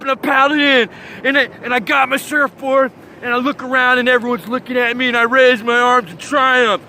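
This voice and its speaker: A man with a very high, bright voice rambles through a comedic surfer monologue. He piles on surfer-bro slang and over-the-top storytelling, recorded on a phone with a faint hum of noise behind him. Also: moderate pace, rough recording. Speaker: comedic host.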